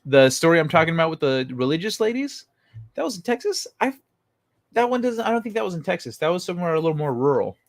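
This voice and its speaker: A man's voice: fairly high pitch, fast talker. A man hosting a casual livestream, rambling and swearing as he tells stories and answers chat. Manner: rambling, profane, animated storytelling. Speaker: livestream host. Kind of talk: casual livestream chat reading viewer comments.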